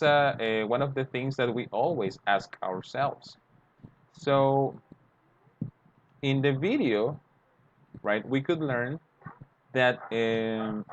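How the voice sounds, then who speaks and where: A man teaching English grammar, explaining step by step and acting out short example dialogues. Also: mid-range voice. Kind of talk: grammar lesson. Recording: dull lo-fi sound, faint noise.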